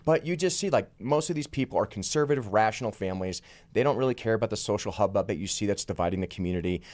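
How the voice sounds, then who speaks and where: Low-voiced guy in his 30s talking super fast on talk radio, pushy and confident. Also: lively intonation, a little mellow. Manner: rapid, assertive, talks very fast. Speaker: congressional candidate. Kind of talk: radio interview guest. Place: radio studio.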